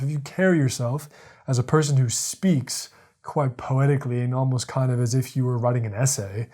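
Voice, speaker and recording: A man hosting a podcast, thinking out loud in a rambling casual monologue, repeating words and using lots of fillers. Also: mid-range voice. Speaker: podcast host. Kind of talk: casual monologue, reading quotes aloud.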